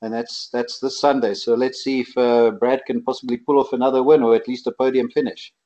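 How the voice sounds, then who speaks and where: A man co-hosting a casual radio chat, relaxed and chatty. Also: medium pitch, brisk. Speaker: co-host.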